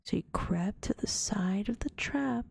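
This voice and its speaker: A woman reading a children's storybook aloud in a gentle ASMR whisper. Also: medium pitch, animated, unhurried, creaky, breathy edge, no echo. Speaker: vtuber storyteller.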